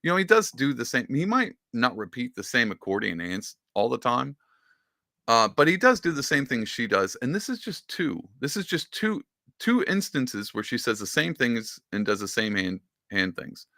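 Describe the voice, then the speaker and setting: A man talks through his podcast in a loose, rambling way, with sarcastic asides. His voice is gravelly and bright, and it swings widely in pitch. The sound is dry and close. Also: sing-song, moderate pace, dry recording. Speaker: podcast host. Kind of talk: casual political commentary.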